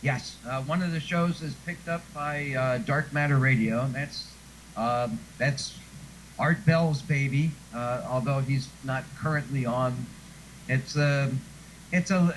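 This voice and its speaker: A man who once read radio news is interviewed in a casual chat, telling chatty stories and laughing often. His voice is medium in pitch. The audio is poor, with a little hiss or hum.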